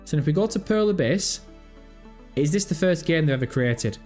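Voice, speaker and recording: A man hosting a casual gaming livestream, thinking out loud and reading chat messages and search results. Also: on the high side, lively intonation, normal speed, faint music behind.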